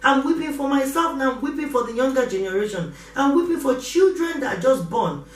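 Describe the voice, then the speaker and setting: A woman's voice: sits high, animated, a little fast. Impassioned woman preacher, roomy and distant. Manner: impassioned, repeats exhortations. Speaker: pastor. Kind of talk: preaching sermon.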